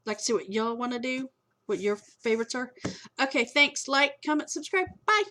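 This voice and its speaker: A woman's voice: fairly high pitch, animated, moderate pace, pushed and bright. Middle-aged woman, home vlogger; rambling, chatty, a little tired. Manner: rambling, chatty, self-interrupting. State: tired and yawning. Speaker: movie collector vlogger. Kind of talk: casual chat. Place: home room.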